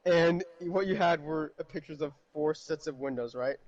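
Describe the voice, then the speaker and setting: Man with a high voice, casual and animated chat, laughs a lot. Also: normal speed, lo-fi sound. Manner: animated storytelling with frequent laughs.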